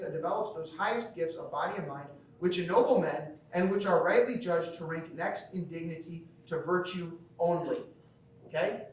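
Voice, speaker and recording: A man's voice: sits high, recorded from a distance. Man lecturing in an echoey hall. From American Midwest. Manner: conversational, checks in with frequent "okay?". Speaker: teacher. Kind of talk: lecture speech at a school banquet. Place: large banquet hall.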